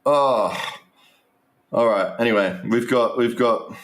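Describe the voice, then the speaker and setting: A man's voice: medium pitch, slow pace, pauses often, fairly bright tone. A man giving casual, rambling live stream commentary, restarting sentences and talking straight to his viewers.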